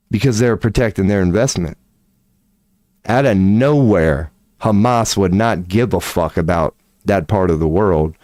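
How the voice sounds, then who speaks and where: Here's a man ranting on a livestream where he also reads tarot, heard in a dry, studio-quality recording. His delivery is excitable and foul-mouthed, wandering from point to point with big pitch swings as he heats up.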